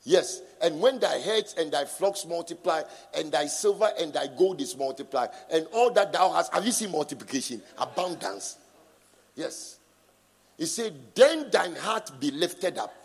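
A middle-aged man preaching a sermon and reading scripture, emphatic, swinging from soft asides to shouts, prompting the congregation to answer. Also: fairly high pitch, lively intonation, unhurried, slightly rough. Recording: long reverb in a large hall.

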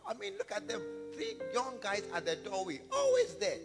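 A man voicing a shocked church member who exclaims in high-pitched disbelief. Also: wildly swooping pitch, normal speed. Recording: reverberant hall with guitar music.

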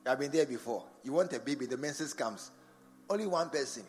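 A man's voice: medium pitch, expressive, fairly quick. A man preaching a sermon in a large church, firing rhetorical questions at the congregation. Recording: long church reverb with faint music behind.

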